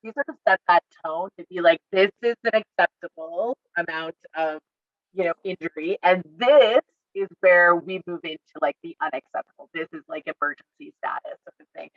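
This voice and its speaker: A woman's voice: fairly low pitch, moderate pace, dry recording, muffled recording. A woman who works as an outdoor educator, casually telling stories and acting out her talks with kids, full of "like" and "I said.". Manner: lively storyteller who acts out dialogue with kids; frequent "like" and "I said" fillers. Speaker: outdoor educator at a field center. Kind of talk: casual storytelling in an online educator forum.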